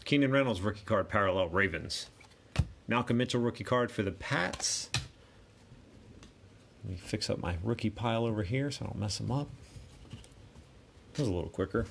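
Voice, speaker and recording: A man's voice: fairly low pitch, animated, moderate pace, creaky, long pauses, fairly bright tone, a little hiss or hum. A man hosting a card break, casually calling out each card and chatting to himself as he opens packs. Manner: rattles off card names, chatty asides to himself. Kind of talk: casual card-opening commentary.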